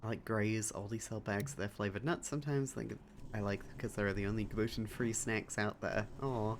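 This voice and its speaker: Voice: mid-range voice, steady tone, moderate pace, slight background noise. A streamer chatting casually and playfully while playing a game. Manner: playful, chatty, laughs often. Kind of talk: casual chat while gaming. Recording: background music.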